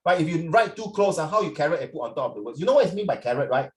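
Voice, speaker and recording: A middle-aged man with a Singaporean English accent talks students through their essays over a video call, chatty and lively, slipping into Chinese now and then. His voice sits fairly high. The room around him is echoey. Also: rapid-fire. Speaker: tutor. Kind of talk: online class feedback. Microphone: computer mic on a video call.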